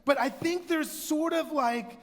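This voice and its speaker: High-voiced man preaching a lively sermon. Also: unhurried. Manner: conversational, animated storytelling with bursts of shouting. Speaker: pastor. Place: church sanctuary. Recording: church hall reverb.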